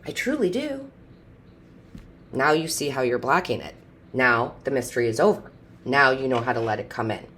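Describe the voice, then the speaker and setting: A woman reading tarot cards intuitively and speaking straight to her viewers in a chatty, upbeat way, with big swings in pitch and loudness. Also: fairly quick. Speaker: tarot reader and medium.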